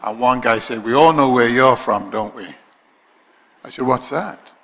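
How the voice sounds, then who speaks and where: A man with a Liverpool accent preaching a sermon, moving from quiet conversational asides to loud, slow, drawn-out proclamations. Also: medium pitch. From Liverpool, England. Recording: long hall reverb.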